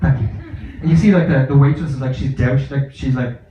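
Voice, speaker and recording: At a comedy club in Barcelona, a man with a medium-pitched, steady, dark voice performs stand-up at a quick pace, telling rambling, profane, self-mocking stories. The live recording is echoey and dull, with a little hiss or hum.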